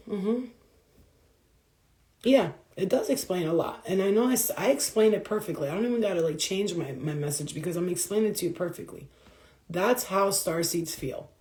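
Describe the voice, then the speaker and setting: A woman's voice: medium pitch, warm tone. A woman giving a casual spiritual reading, full of street slang, swearing and frequent laughter. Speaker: spiritual reader. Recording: roomy echo.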